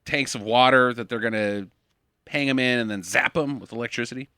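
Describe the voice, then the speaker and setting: A man's voice: mid-range voice, brisk, pushed and bright, clear, resonant tone, no echo, studio quality. A man co-hosting a casual movie podcast, recapping the plot with jokey asides. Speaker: podcast co-host. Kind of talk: casual movie-riff chat.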